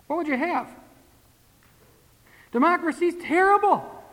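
High-voiced preacher in an echoing hall. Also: male voice, expressive, unhurried, fairly bright tone. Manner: conversational preaching, rhetorical questions, folksy asides. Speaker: pastor. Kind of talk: sermon. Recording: long hall reverb.

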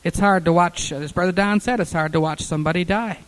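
A man's voice: high-pitched, fast talker, low-quality recording. A male pastor telling stories in an earnest sermon, rising to fervent peaks. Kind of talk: sermon storytelling.

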